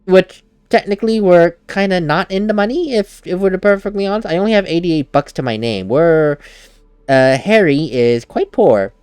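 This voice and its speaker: Animated chatty let's play guy. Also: high voice, moderate pace, smooth, no echo. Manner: animated, chatty, laughs at himself. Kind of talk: casual gameplay commentary.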